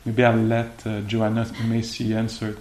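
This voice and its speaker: A man giving a meditation talk and answering questions, speaking haltingly with many fillers and restarts. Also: lowish voice, completely flat delivery, darkish tone. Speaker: meditation teacher. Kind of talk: dharma talk and Q&A. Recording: echoey room with faint hiss.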